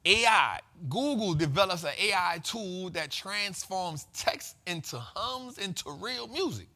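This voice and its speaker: High, forceful man hosting. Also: expressive, a little slow, few pauses. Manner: emphatic, slangy, repeats lines for effect. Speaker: host of a finance show. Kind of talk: energetic market commentary.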